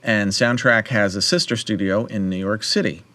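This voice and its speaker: A man's voice: on the low side, moderate pace, no room sound. A man in his fifties hosting a livestream, telling a casual studio story and acting out the voices of people he quotes. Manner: animated, acts out quoted voices. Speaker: livestream host.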